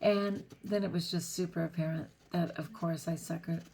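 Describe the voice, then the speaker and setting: A warm, gravelly, fairly low female voice carries this personal vlog at a moderate pace with fairly even intonation, over slight background noise. The middle-aged woman speaks earnestly about her faith, chatty and self-deprecating, often laughing between thoughts.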